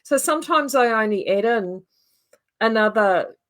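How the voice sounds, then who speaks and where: A woman's voice: a little high, expressive, measured pace, fairly bright tone. A woman with a New Zealand accent hosting a casual livestream, chatty and rambling with many fillers. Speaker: yarn shop host.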